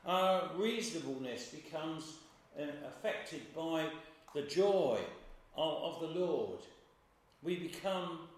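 A man preaching a sermon in a slow, measured way, stressing key words with emphasis. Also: on the high side, animated. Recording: very echoey room, voice from far off.

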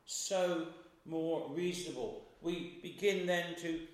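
A man preaching a sermon in a slow, measured way, stressing key words with emphasis. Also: fairly high pitch, fairly even intonation. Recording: very echoey room, voice from far off.

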